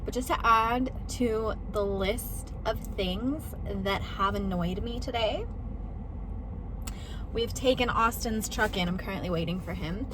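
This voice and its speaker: A woman's voice: mid-range voice, a little slow, noisy background. A woman chatting casually to her camera, exasperated and venting as she talks through her errands. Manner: ranting, exasperated, talkative. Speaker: vlogger.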